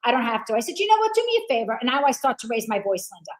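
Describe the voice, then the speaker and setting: A woman guest in casual chat, loud and swearing, telling a story with acted quotes. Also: on the high side, sing-song, racing, low-quality recording.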